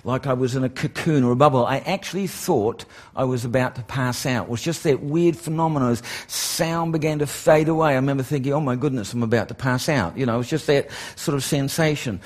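A middle-aged man telling a testimony in a sermon, animated and repetitive, building to excited emphasis. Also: mid-range voice, fairly quick, hardly any pauses. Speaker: preacher.

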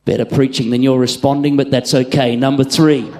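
A middle-aged man preaching a live sermon in a church, telling stories and swinging from loud calls to hushed asides. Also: medium pitch, little pitch movement, brisk, a little hiss or hum. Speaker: pastor. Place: church auditorium with congregation.

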